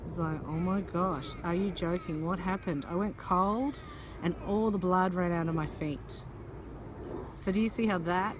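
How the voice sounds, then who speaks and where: A woman and psychic channeler, telling a personal story in a chatty, animated way outdoors. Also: fairly low pitch, background noise. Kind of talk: casual storytelling vlog. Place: outdoors among butterflies.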